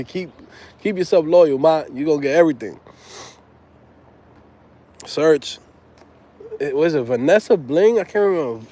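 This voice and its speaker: A man's voice: fairly high pitch, animated, measured pace, long pauses, dark tone. A man from New York with a New York accent, chatting casually on a livestream, slangy and laughing often. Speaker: host.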